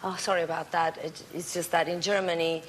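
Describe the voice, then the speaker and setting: A woman's voice: fairly low pitch, flat delivery, a little fast, slight background noise, voice pushed down, close to an everyday voice, low-quality recording. A woman voicing a boastful German man in a joke she tells, apologizing in a smug, matter-of-fact way.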